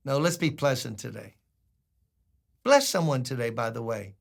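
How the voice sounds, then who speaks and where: A man's voice: a little high, lively intonation, normal speed, creaky. An older man preaching a sermon as a pastor, conversational and humorous, acting out quotes.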